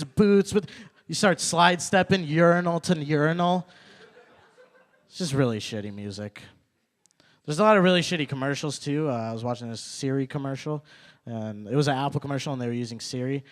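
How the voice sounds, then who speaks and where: A man's voice: medium pitch, a little fast. A young man performing a stand-up comedy set in a small live venue, chatting with the crowd and repeating his punchlines. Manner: conversational, asks the crowd questions, repeats punchlines.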